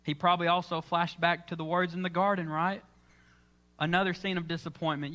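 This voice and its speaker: Guy preaching in church, acts out the story, bright high voice. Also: flat delivery, brisk. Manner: dramatic storytelling, acting out quoted lines. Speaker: pastor. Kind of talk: sermon.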